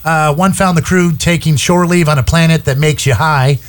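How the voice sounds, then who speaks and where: A man's voice: fairly high pitch, moderate pace. A man hosting a small-town radio show, chatting in a rambling, casual way full of fillers.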